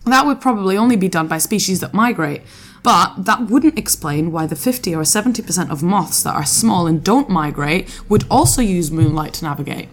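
A woman's voice: lowish voice, lively intonation, fairly quick, a little hiss or hum. A woman co-hosting a casual podcast, reading out an article and quotes with dry asides between them. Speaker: podcast co-host presenting a news story. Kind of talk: casual chat.

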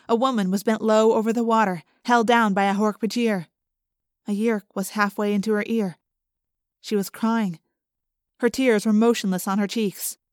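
A woman reading an audiobook aloud in first person, expressive, lifting her voice for the characters' lines. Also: dry recording, clean studio sound. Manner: expressive, lifting pitch for dialogue. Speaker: audiobook narrator.

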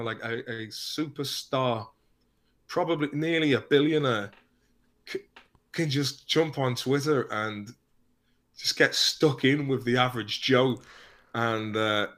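A man's voice: medium pitch, unhurried, fairly bright tone. A man in casual podcast chat, rambling and swearing, often trailing off into mumbles.

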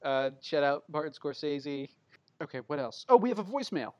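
A man's voice: fairly high pitch, expressive, fairly quick, darkish tone, no room sound, dull audio. A man hosting a casual podcast, talking in a dry, wry way. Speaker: podcast host.

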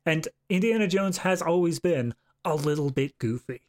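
A man's voice: on the high side, lively intonation, normal speed. A man co-hosting a podcast, chatting about a film with jokey asides. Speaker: podcast co-host. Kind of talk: casual film review chat.

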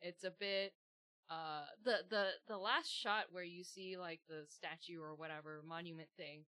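A woman's voice: lowish voice, normal speed, sharp tone, no echo. A woman in casual chat, agreeing with wry asides and comparing shows. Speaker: podcast co-host.

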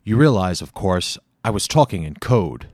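A man's voice: low voice, very animated, normal speed, darkish tone, no room sound, studio quality. A man voicing an indignant, scheming male boss who talks in a demanding, blustering, pompous way.

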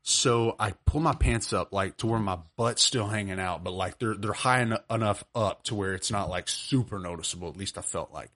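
Lively young man telling a story. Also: on the low side, moderate pace, few pauses. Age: 20s. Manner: animated storyteller who acts out voices and laughs often. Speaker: podcast co-host. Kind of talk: casual storytelling chat. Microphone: video call.

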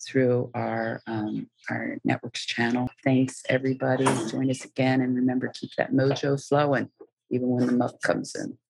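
A host wrapping up a live show, gushing thanks to the guests and audience. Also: female voice, very deep voice, gravelly, darkish tone, no echo, rough recording. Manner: gushing and appreciative. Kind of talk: casual show wrap-up.

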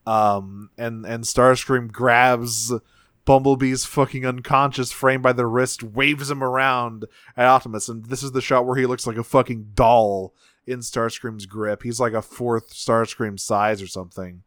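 A man's voice: mid-range voice, fairly even intonation, a little slow, a bit bright, dry recording, studio quality. A man co-hosting a podcast who talks casually and rambles, swears often, and acts out quotes while recapping a cartoon episode. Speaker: podcast co-host.

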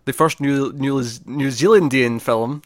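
A man's voice: medium pitch, a little slow, no room sound, clean studio sound. A man co-hosting a casual movie review podcast, rambling and correcting himself, often laughing. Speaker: podcast co-host.

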